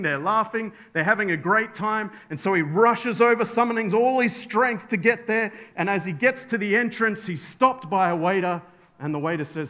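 A man preaching a sermon, earnest, building to emphatic peaks and then dropping soft. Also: fairly high pitch. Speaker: pastor.

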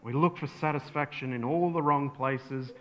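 A man preaching a sermon, earnest, building to emphatic peaks and then dropping soft. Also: medium pitch, moderate pace. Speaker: pastor.

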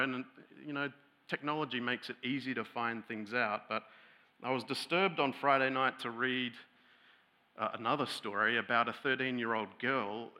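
A male pastor delivers a sermon in a loose, conversational way, full of asides and restarts. His voice is very bright and forward, and it sits at an ordinary pitch for a man. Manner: storytelling, growing loud and heated when retelling an angry scene; conversational with many fillers and restarts.

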